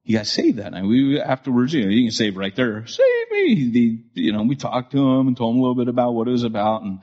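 Brief: male podcast host, husky, animated storyteller, dull lo-fi recording. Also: mid-range voice, fast talker. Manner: animated, many fillers and restarts.

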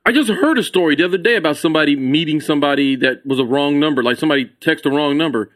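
A man's voice: fairly high pitch, rapid-fire, a bit bright. A man guesting on a podcast as a comedian, chatting casually with a joking, profane, laid-back manner. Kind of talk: casual chat.

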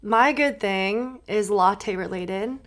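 A woman's voice: mid-range voice, slow. A woman from Minnesota hosting a casual chat with friends, bubbly and laughing often. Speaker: host.

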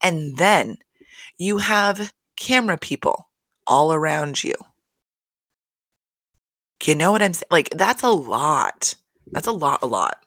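A woman's voice: low-pitched, lively intonation, takes it slowly, pauses often, fairly bright tone, no echo, clean studio sound. A woman giving a casual, chatty recap of a reality show, swearing freely and laughing between points.

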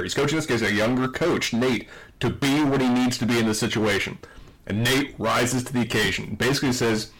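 A man's voice: medium pitch, a bit bright, low-quality recording. A man co-hosting a podcast, recapping a TV episode with enthusiasm and reading quotes aloud in casual chat. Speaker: podcast co-host.

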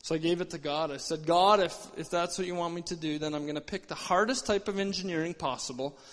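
A young man giving an earnest, animated testimony at a church service. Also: on the high side, quick pace. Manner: earnest, animated storytelling with many restarts. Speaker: church speaker sharing testimony. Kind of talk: sermon testimony. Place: church hall. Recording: long hall reverb.

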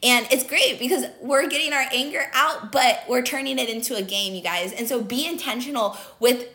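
With a fairly bright voice pitched on the high side, a young woman gives a casual motivational talk on personal growth. She's earnest and emphatic, leaning on lots of fillers.

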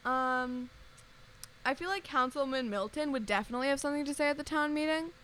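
Brief: female co-host, high register, chatty and rambling, with faint background hiss. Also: a little fast, a bit bright, low-quality recording. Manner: rambling, giggly. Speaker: podcast co-host. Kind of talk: casual chat over a video call. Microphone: own mic on a video call.

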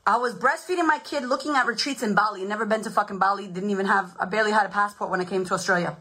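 A woman's voice: mid-range voice, very fast, pushed and bright, breathy edge, poor audio. A woman in her thirties, a podcast host and confidence coach, giving a blunt, swearing, emphatic motivational talk in a casual livestream.

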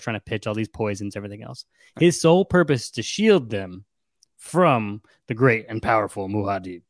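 A young man co-hosting a casual chat, retelling a story with lively, acted-out quotes. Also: medium pitch, no room sound, studio quality. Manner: animated, acts out quotes with shifts in voice. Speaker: podcast co-host recapping a novel.

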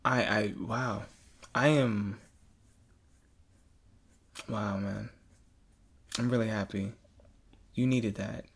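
A man hosting a podcast in casual chat, earnest and swearing freely, getting loud when he's excited. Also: on the low side, extremely slow, gravelly, long pauses, husky. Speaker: podcast host.

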